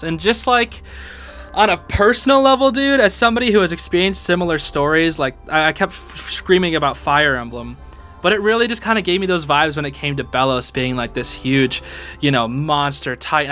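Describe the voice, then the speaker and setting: A man giving a casual, excited reaction to a show's episode, full of slang and calling the listener dude and bro, and a bit emotional about it. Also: high-pitched. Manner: emotional, a little teary. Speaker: YouTube show reviewer.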